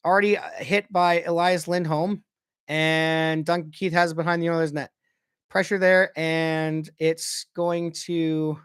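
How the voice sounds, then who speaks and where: Excitable male hockey fan calling plays. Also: a little high, smooth. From Canada. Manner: excitable, swears, shouts at goals. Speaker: fan commentator. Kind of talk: casual play-by-play watch-along.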